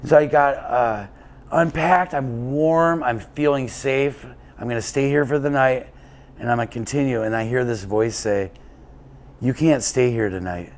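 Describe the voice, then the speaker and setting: A man's voice: mid-range voice, normal speed. Man telling a long road story. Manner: rambling anecdotal telling with many fillers and restarts. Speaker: guest, endurance cyclist. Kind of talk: casual storytelling interview.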